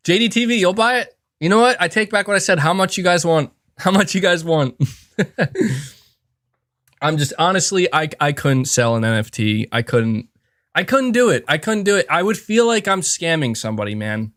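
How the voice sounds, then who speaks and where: A man's voice: on the high side, expressive, moderate pace, fairly bright tone, no echo, studio quality. A man hosting a live podcast, chatting casually and rambling through reflections with lots of fillers and restarts. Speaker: podcast host. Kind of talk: casual livestream chat.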